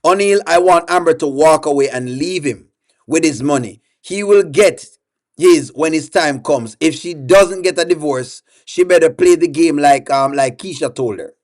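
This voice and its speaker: A man's voice: on the high side, moderate pace, darkish tone. Chatty man hosting a reaction stream. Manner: chatty, questions the viewers and reads their comments aloud. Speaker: reaction show host. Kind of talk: live-stream reaction commentary.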